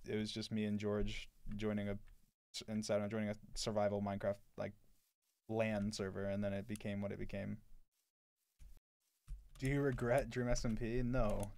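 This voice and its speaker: This twenty-something streamer has a low, creaky, slightly mellow voice with no echo. Replying casually to chat, he comes across as blunt and sarcastic, filling his lines with "like."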